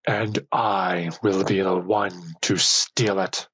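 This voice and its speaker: A huge boastful frost giant voiced by a man speaks in a slow, menacing bellow. His voice sits low with a husky edge, and each word is drawn out heavily. It is a storybook giant, proud and threatening. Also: flat delivery, fairly bright tone, dry recording, full character voice.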